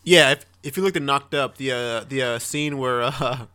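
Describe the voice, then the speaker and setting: A man's voice: mid-range voice, normal speed, bright, forceful tone, smooth. A man from Texas co-hosting a casual podcast, chiming in with agreement and swearing freely. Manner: chiming in, profane, laughing along. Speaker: podcast co-host. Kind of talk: casual chat.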